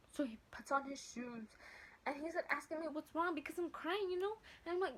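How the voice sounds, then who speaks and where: Animated young woman telling a story. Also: high voice, brisk. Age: young adult. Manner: animated, acts out voices, swears freely, mixes Spanish. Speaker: vlogger. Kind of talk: casual storytelling.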